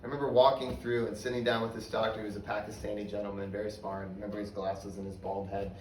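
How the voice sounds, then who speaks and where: A young man giving a candid personal testimony in a sermon, often dropping to a hushed voice. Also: lowish voice, level tone, fast, slight background noise. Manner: candid, storytelling, drops to a hushed voice for hard memories. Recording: roomy, from a distance, faint ambience.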